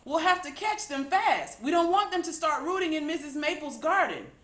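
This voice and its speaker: A woman voicing an excited farm girl. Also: sits high, normal speed, echoey room, pitched above the performer's own voice. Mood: urgent. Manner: shouting, eager.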